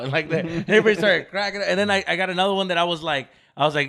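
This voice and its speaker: A young man casually telling a long story on a podcast, animated and heavy on slang and profanity, acting out what people said. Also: sits high, rapid-fire, few pauses. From United States. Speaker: podcast co-host.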